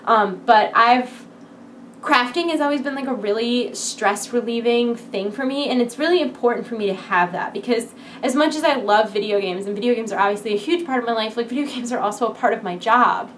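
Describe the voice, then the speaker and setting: A woman's voice: on the high side, fairly quick, a little hiss or hum. A woman in her twenties chatting casually to camera from home, full of filler words. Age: 20s. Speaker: vlogger. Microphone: computer desk setup.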